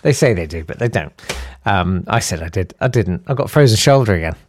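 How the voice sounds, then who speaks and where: A man's voice: low voice, lively intonation, a little fast, slight background noise. A man hosting a comedy podcast, rambling and self-deprecating with many fillers. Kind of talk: casual comic monologue.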